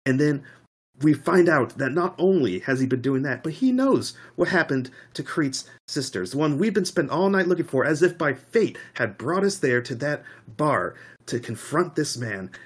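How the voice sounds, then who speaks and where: A man's voice: medium pitch, lively intonation, normal speed, husky. A man playing a tabletop game, giving a rousing in-character speech to a crowd. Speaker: player.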